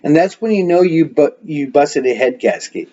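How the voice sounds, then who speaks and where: A man's voice: a little high, moderate pace, warm tone, highs cut off. Profane, laughing man telling stories. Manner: profane, laughing, rambling storyteller. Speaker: podcast host. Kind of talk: casual storytelling. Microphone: webcam mic.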